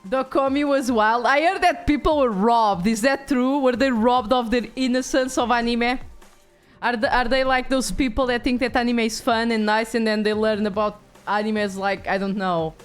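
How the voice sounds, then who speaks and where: A woman's voice: fairly high pitch, steady tone, normal speed, soft background music. A woman streaming a video game, chatting casually with viewers, rambling and swearing offhand.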